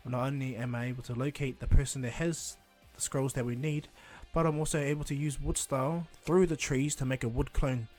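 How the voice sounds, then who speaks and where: A man voicing a confident, eager young male ninja who explains his plans loudly and earnestly in a fan story. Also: mid-range voice, fairly even intonation, a little fast, few pauses, soft background music, natural voice.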